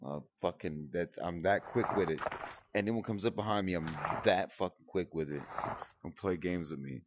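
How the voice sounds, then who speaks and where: A man's voice: deep voice, normal speed, noisy background. A young man giving casual gameplay commentary, swearing a lot and grumbling at the game in frustration. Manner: frustrated, profane, talks to the game. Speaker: gaming streamer.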